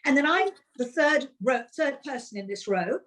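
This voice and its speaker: A woman co-hosting a chat show, telling a story in brisk, vivid present tense. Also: high-pitched, expressive, fairly bright tone. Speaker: co-host. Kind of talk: casual chat, telling an anecdote.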